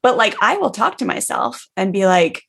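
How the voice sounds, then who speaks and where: A woman hosting a podcast in casual conversation, reflective and quick to agree. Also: mid-range voice, very animated, gravelly, fairly bright tone, breathy edge. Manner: reflective, gives many short agreeing replies. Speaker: podcast host.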